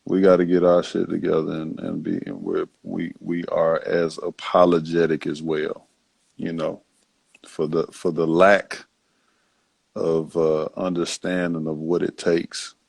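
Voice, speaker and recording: Host, male, very low and raspy, halting reflective delivery. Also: little pitch movement, a little mellow, dry recording. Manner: halting, full of fillers and restarts. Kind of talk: casual reflective talk.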